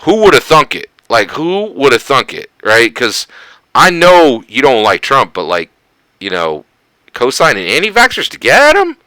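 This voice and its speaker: An American man from Philadelphia giving casual political commentary, emphatic and animated, often tagging "right?" onto his points. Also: medium pitch, normal speed, dry recording, low-quality recording. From Philadelphia, United States.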